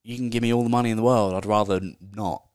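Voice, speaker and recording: A man's voice: fairly low pitch, fairly even intonation, fast talker, darkish tone, clean tone, no room sound, clean studio sound. A man hosting a casual solo podcast, talking in a chatty, candid way and swearing offhandedly. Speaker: podcast host.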